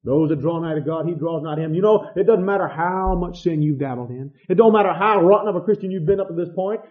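A man preaching a sermon with passion, swinging between loud outbursts and hushed asides. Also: high-pitched, fast. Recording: dull lo-fi sound.

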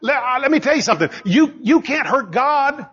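A man preaching a sermon, driving his points home with repetition and bursts of shouting. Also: extremely high pitch, lively intonation, brisk, slightly rough. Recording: dull lo-fi recording.

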